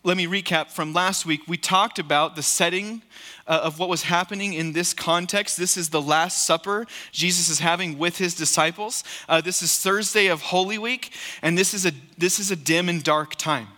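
A man's voice: high-pitched, moderate pace, sharp tone, in a large hall. A man preaching a sermon as pastor in a church, earnest and emphatic, repeating key phrases for weight. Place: church sanctuary.

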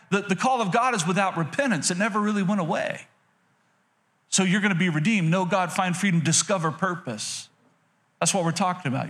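A man's voice: high voice, a bit bright. A male pastor giving a sermon in an emphatic, repetitive preaching manner with frequent restarts.

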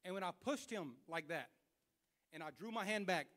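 A young adult man preaching a sermon, telling a personal story in an animated way that swings between hushed self-scolding and loud retelling. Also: high-pitched, normal speed, in a large hall.

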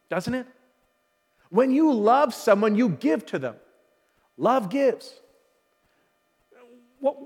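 A man's voice: high voice, in a large hall. A man preaching a sermon as pastor, earnest and growing emphatic as he presses his point. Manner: earnest, building to emphatic calls. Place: church hall.

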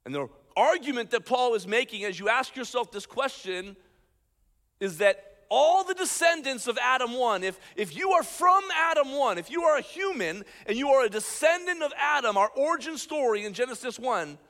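High-voiced preaching man in a reverberant hall. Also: moderate pace. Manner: animated preaching, swings between loud emphasis and low asides. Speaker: pastor. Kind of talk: sermon.

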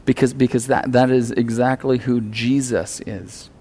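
A male pastor preaching a sermon in a relaxed, conversational way, earnest and often acting out the lines he quotes. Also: mid-range voice, unhurried, husky.

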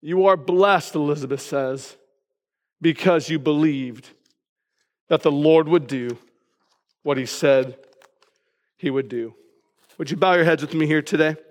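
A man preaching a lively sermon with a fairly high voice that carries through a big hall with a long echo. He tells family stories and bursts into excited shouts now and then. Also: a little slow, pauses often. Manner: animated storytelling, sudden excited shouts. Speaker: pastor. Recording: long reverb of a large hall.

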